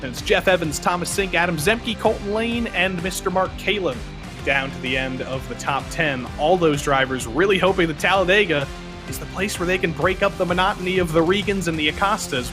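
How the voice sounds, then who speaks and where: A man doing live play-by-play commentary for an online racing league, joking and brisk. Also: on the high side, music in the background.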